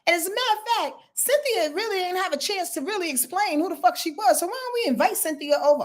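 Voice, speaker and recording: A woman astrologer giving a casual weekly rundown, blunt and profane, talking straight to her viewers and swinging between loud and low. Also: expressive, fast talker, hardly any pauses.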